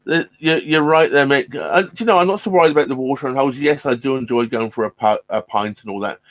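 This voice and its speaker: A man's voice: medium pitch, fast talker, dry recording. A man hosting a casual live stream from his narrowboat, chatting with viewers in a rambling way, full of ums and restarts, laughing often. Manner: laughs often while talking.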